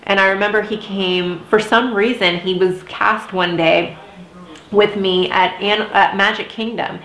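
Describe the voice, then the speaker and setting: Young woman vlogger, candid storytime, emotional and chatty, echoey room, mid pitch. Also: fairly even intonation, a little slow, fairly bright tone. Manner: candid, emotional, heavy use of "like". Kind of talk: casual storytime. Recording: roomy echo.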